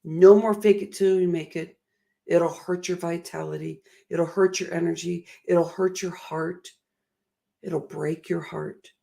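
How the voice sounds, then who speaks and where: A woman's voice: lowish voice, steady tone, measured pace, vocal fry, mellow. A middle-aged woman giving an emotional, earnest motivational talk, often laughing at herself. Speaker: motivational speaker.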